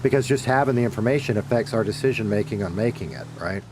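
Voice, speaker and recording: Over some background noise, a middle-aged streamer from the Deep South talks to his viewers in a fairly low voice at a quick clip. His Southern accent comes through as he plays, rambling, correcting himself, and cursing now and then.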